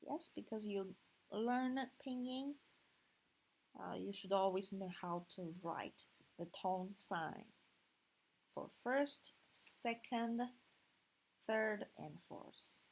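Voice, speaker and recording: A woman's voice: medium pitch, slow pace, vocal fry, long pauses, breathy edge, low-quality recording. A woman with a Chinese accent teaching a language lesson online, patient and explaining step by step with frequent "okay". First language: Mandarin Chinese.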